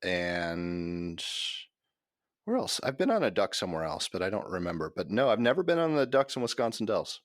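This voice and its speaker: A man's voice: low voice, sing-song, moderate pace, no echo, studio quality. A man in his forties co-hosting a podcast, bantering playfully with self-mocking jokes. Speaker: podcast co-host. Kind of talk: casual chat.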